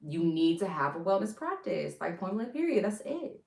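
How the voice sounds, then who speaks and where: A woman's voice: mid-range voice, moderate pace, creaky, hardly any pauses, darkish tone, echoey room, recorded from a distance, rough recording. A young adult woman giving casual wellness advice to her viewers in a chatty, rambling way, calling them y'all. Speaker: wellness vlogger.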